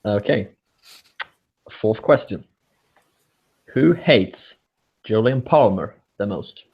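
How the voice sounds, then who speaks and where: A man on a podcast who reads out quiz questions in a measured, amused way. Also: lowish voice, lively intonation, creaky, slightly rough, phone-quality sound. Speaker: quizmaster. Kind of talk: casual quiz banter.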